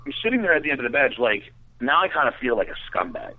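A young man telling a crude story in casual podcast chat, animated, with stammering restarts. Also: medium pitch, quick pace. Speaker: podcast co-host. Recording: tinny phone-like sound.

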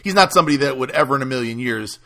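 A man's voice: medium pitch, expressive, very fast, vocal fry, bright, forceful tone. A man hosting a casual podcast chat, loose and full of fillers, with some swearing.

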